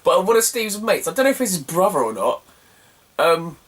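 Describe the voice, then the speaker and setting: A young man from Cornwall, England, working as a retro gaming vlogger, spins a rambling, slangy anecdote punctuated by frequent laughs. His voice sits high with a sing-song lilt, a bit bright, at a moderate pace, and he's far from the mic.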